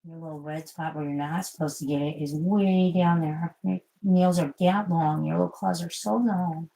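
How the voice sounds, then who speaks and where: Low husky lady vlogging, rambly and sweary, baby-talks her pets. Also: steady tone, moderate pace, hardly any pauses, dark tone, poor audio. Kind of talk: casual rambling chat.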